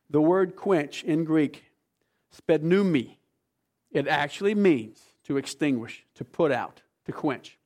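A man preaching a sermon as pastor, emphatic, swinging between hushed, slow passages and forceful ones. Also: fairly high pitch.

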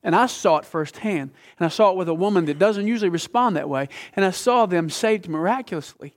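A middle-aged male pastor preaching a sermon, telling a story with passion and dropping from loud to hushed. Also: high-pitched, lively intonation, brisk, hardly any pauses.

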